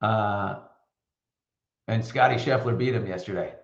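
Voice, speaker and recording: A man's voice: lowish voice, unhurried, gravelly, dull audio. Chatty man telling stories, echoey room. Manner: chatty storyteller, animated and opinionated. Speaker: host. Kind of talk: casual live show chat. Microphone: computer mic.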